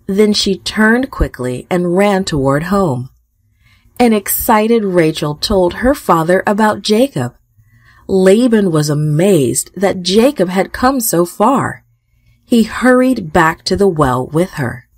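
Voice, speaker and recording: A woman telling a Bible story for children in a gentle, expressive reading. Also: mid-range voice, takes it slowly, no echo, studio quality. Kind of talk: scripted narration for children.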